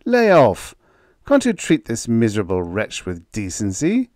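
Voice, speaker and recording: A man's voice: sits low, animated, measured pace, no echo, clean studio sound. A man voicing a stern, stubborn male spaceship captain in a storybook reading, giving firm commands. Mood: commanding.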